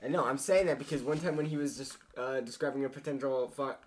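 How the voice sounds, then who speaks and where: A man's voice: medium pitch, fast talker, slight background noise. A young man co-hosting a casual podcast, dropping short dry remarks. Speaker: podcast co-host. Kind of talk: casual banter among friends.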